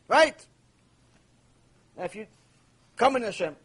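A middle-aged man teaching Torah in a live lecture, his voice pitched high with a husky edge. He drives his points home by repeating them and slips into acted-out prayers to make them vivid. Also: very animated, normal speed, long pauses, darkish tone, low-quality recording. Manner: emphatic, repeats key phrases, acts out imagined prayers.

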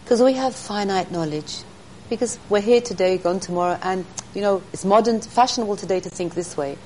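A woman's voice: mid-range voice, fairly quick, dark tone, a little hiss or hum, low-quality recording. A middle-aged woman, a guest in an interview, telling faith stories in an earnest teaching tone. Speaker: interview guest, speaker to women. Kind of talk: storytelling in an interview.

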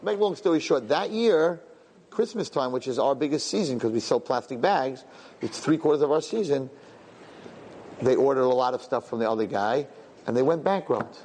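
A man gives a religious lesson in a chatty, storytelling manner, slipping into other people's voices as he recounts events. His voice sits at an ordinary middle pitch, with a faint hiss in the background. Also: normal speed. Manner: animated storytelling, conversational, acts out dialogue. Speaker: religious teacher. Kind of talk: Torah lesson with personal stories.

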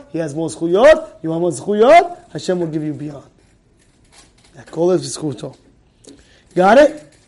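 A middle-aged man delivers a sermon in a notably high voice. He tells stories with animated energy, repeats key phrases for emphasis, and slips Hebrew words into his talk. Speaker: Torah teacher.

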